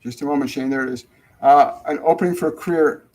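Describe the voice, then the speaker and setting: A middle-aged man with a slightly high voice hosts a live-stream spiritual Q&A from home. He rambles warmly, restarts sentences and repeats key phrases for emphasis. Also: fast, rough recording. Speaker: spiritual medium, show host.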